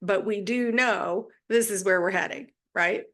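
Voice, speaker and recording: A woman's voice: mid-range voice, a little slow, a bit bright. A woman hosting a spiritual channel, giving a casual, chatty monologue and often checking in with her listeners. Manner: chatty, often adds tag questions.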